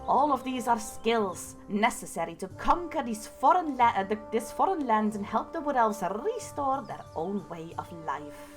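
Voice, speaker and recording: A woman voicing a regal queen from a game who rolls her R's and reads a royal letter slowly. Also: fairly high pitch, very animated, over music. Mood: stately. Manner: slow, stately reading of a royal letter. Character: regal imperial queen with rolling R.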